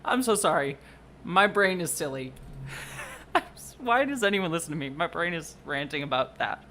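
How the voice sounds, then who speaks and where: Rambling, excitable streamer chatting from home at a mid-range pitch; quick to apologize. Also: slight background noise. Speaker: livestreamer and video producer. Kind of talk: casual livestream chat. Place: at home under a blanket.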